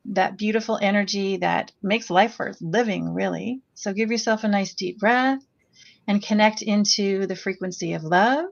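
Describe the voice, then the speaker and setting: Gentle woman guiding a slow meditation. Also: medium pitch, vocal fry, highs cut off. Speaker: sound healer leading a meditation. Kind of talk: guided meditation with chanting.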